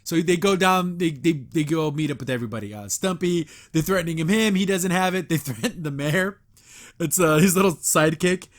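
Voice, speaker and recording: A man's voice: fairly high pitch, a little fast. A man hosting a podcast, casually reviewing a cartoon episode, retelling scenes, quoting characters and laughing often. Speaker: podcast host.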